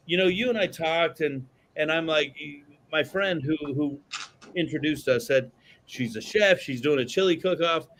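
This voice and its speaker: The host's voice is fairly high pitched and a bit bright, with a little hiss or hum in the audio. He keeps the podcast chat loose, rambling, cursing freely, and full of fillers and restarts.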